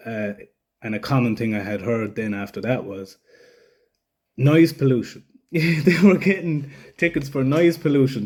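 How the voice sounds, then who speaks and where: A man's voice: medium pitch, a little mellow. A young man telling a story casually, rambling, swearing freely and acting out other people's lines. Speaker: vlogger.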